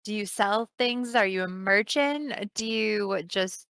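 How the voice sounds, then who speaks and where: A woman's voice: mid-range voice, slow, fairly bright tone, clean tone, no echo. A woman playing a tabletop game with friends, pressing others with questions. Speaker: player. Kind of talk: casual tabletop role-play.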